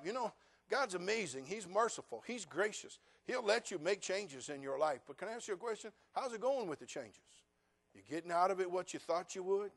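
Higher-voiced preaching man. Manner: sarcastic, asks the congregation direct questions; swings from quiet asides to loud, rising preaching. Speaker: pastor. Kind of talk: sermon.

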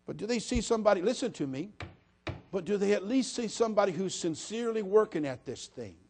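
Preacher, male, high-pitched, sermon delivery with humorous asides and loud appeals. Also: expressive, fast. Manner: swings from quiet asides to shouted appeals; humorous storytelling, repeats "listen to me".

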